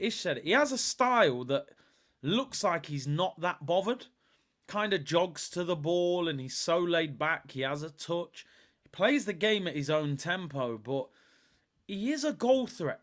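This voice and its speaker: A man's voice: high-pitched, fairly bright tone. A man hosting a live football watch-along stream, talking emphatically in casual chat, repeating lines for effect and answering viewers' comments.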